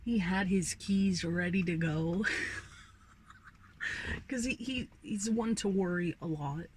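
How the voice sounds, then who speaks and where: A woman's voice: fairly low pitch, a little slow, darkish tone, slight background noise. Profane young woman ranting casually. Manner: profane, ranting, sighs often. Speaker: vlogger. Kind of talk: casual rant.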